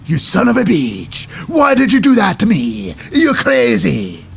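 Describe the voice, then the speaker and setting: A man voicing an angry male wrestler who yells drawn-out accusations at his partner. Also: high voice, huge pitch swings, creaky, a little hiss or hum, voice pushed up, full character voice. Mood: furious.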